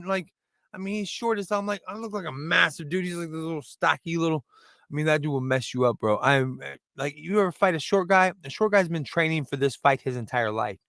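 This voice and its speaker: A middle-aged man rambles through a casual stand-up monologue, poking fun at himself. His voice sits high and bright, smooth and crisp. The sound is dry and close, with no room around it. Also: no echo. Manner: rambling, self-deprecating, restarts a lot. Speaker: stand-up comedian and host. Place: room in front of a brick wall.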